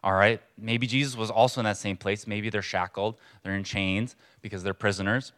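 A man preaching a sermon in a church to a congregation, in a conversational, earnest way with pauses for emphasis. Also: lowish voice, fairly even intonation, a bit bright. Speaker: pastor.

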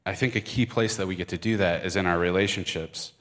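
Man pastor with a Michigan accent, low-pitched, informal and earnest from the pulpit. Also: steady tone, quick pace, fairly bright tone. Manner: conversational, earnest, with fillers and restarts. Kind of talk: sermon. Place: church service. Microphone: microphone.

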